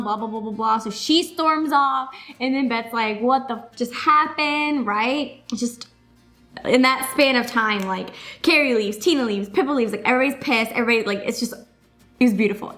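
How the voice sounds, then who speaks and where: A woman's voice: fairly high pitch, a bit bright. A young woman hosting a casual reaction recap, gushing and rambling with lots of fillers. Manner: gushing, rapid, full of fillers like "like" and "you know". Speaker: YouTube reaction host.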